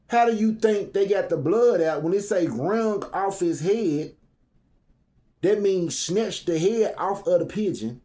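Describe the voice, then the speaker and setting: A man's voice: sits high, dark tone. A man reading scripture aloud and breaking off into joking, conversational commentary between verses. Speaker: Bible reading host.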